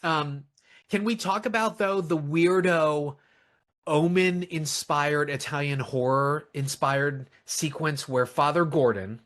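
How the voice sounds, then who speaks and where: A man co-hosting a casual film review, animated and swearing often, acting out lines from the movie in mocking voices. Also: on the high side, slow. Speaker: podcast co-host reviewing films.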